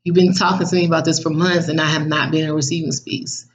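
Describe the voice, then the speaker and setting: A woman hosting a casual devotional vlog, animated and slangy, laughing often. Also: low-pitched, quick pace. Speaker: vlog host. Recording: dull, muffled recording.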